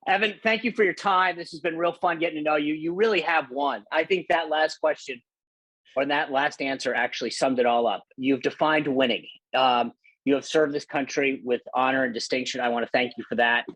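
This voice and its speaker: A middle-aged man hosting a casual podcast interview, animated, laughing often and restarting his sentences. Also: medium pitch, a little fast, dry recording. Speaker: podcast host. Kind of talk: casual interview with rapid-fire questions.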